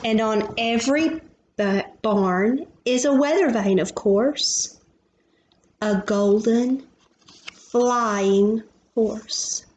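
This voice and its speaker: A woman reading a picture book aloud to young children as their preschool teacher, in a gentle manner, stopping to ask questions and point out the pictures. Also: a little high, very slow, a little hiss or hum.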